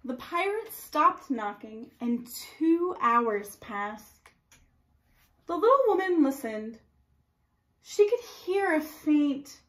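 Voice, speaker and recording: Slow, expressive woman reading to kids. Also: high voice, a little hiss or hum, rough recording. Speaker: preschool teacher. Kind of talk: storybook read-aloud for young children.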